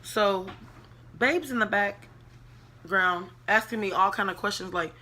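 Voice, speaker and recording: Woman, bright clear tone, casual storytime vlog, animated, swearing, talks to viewers as y'all. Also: medium pitch, slow, pauses often, slight background noise. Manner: animated, swings into whispers when quoting herself; profane, chatty, addresses viewers as y'all. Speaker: vlogger telling a story.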